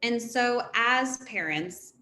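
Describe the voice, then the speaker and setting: A woman in her thirties, a therapist, giving an informal talk to parents in a conversational, animated way. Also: a little high, slow. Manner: conversational and animated, laughs between points. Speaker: therapist speaking to a parent council. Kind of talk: informal presentation. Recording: echoey room with faint background noise.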